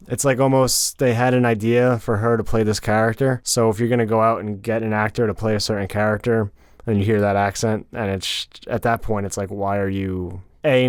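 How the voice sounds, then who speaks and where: A man's voice: fairly low pitch, smooth, dry recording, clean studio sound. A man co-hosting a podcast, talking through his thoughts at length in a casual TV review discussion. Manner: rambling, thinks aloud with restarts. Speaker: podcast co-host.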